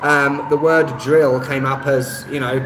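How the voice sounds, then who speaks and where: A man's voice: medium pitch, flat delivery, unhurried. An Englishman hosting a casual live stream and reading out viewer comments. He rambles, hesitates often with "um," and laughs lightly between remarks. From England. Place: indoor room, street traffic outside. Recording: echoey room with faint street noise.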